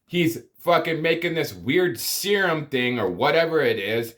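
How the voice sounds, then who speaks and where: A man's voice: on the high side, animated, measured pace, fairly bright tone. A man giving a profane comedic movie review, exasperated and ranting, with sighs and groans of disbelief. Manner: exasperated, swearing, sighing rants.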